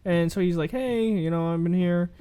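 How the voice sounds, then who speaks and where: Here a man with a high voice, speaking at a moderate pace in a clean tone, co-hosts a podcast. He spins a casual story with animation, performing what people said and cursing without restraint.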